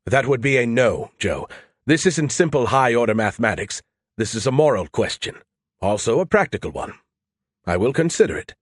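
A man's voice: mid-range voice, sing-song, moderate pace, slightly rough, no echo, studio quality. A man voicing a snarky, self-important male artificial intelligence in an audiobook, talking in a teasing, flippant way. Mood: curious. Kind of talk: audiobook character voice.

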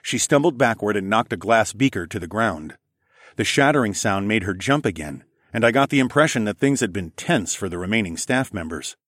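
A man narrating a first-person story in a steady, even storytelling voice. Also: on the low side, fairly quick, no echo, studio quality. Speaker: audiobook narrator.

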